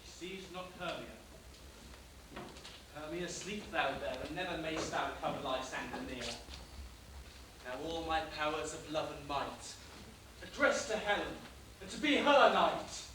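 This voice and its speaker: An ardent, courtly young lover, played by a young man on a school stage, declaiming his verse earnestly. His voice sits fairly high. It carries from a distance through a strongly echoing hall over steady tape hiss. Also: measured pace, long pauses, natural voice. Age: young adult. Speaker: amateur stage actor. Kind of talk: live school stage play.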